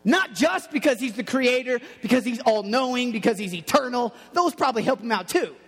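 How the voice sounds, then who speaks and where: A man's voice: very high voice, lively intonation, a little fast, fairly bright tone, slightly rough. A man preaching a casual, playful sermon to young people, telling stories and acting out what people say. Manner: playful, storytelling, acts out quotes. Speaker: youth pastor. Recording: long hall reverb.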